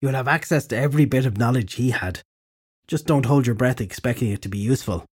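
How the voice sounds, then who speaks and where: A blunt old fairy crone from an audiobook talks in a dry, offhand way, read by a man. The voice is dark and husky, and it stays low and unhurried. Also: close to an everyday voice.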